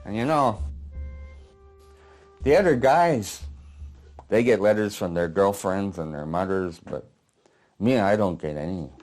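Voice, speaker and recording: A man reads the part of a haunted old war veteran, gruff and working-class. His voice sits somewhat low, and he tells the story bluntly, swearing freely, in an apartment living room. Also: lively intonation, unhurried, pauses often, a little mellow, soft background music. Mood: weary. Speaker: playwright reading his play aloud. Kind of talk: dramatic monologue reading.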